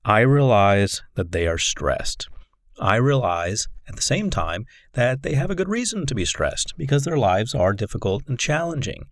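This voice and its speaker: A man giving a recorded course lecture on coaching, in a measured, instructive way. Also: medium pitch, big pitch swings, no room sound. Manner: measured, instructive, deliberate delivery.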